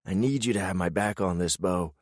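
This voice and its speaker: Resolute adult man, low and steady, voiced by the narrator. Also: fairly quick, no room sound, clean studio sound, lightly acted. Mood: firm. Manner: firm, earnest. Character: determined grown man, protective older brother figure.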